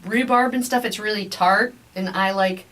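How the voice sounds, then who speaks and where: A woman's voice: mid-range voice, moderate pace, fairly bright tone, rough recording. A woman, a medical doctor, talking casually as a podcast guest, with lots of fillers and restarts. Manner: chatty, many fillers and restarts.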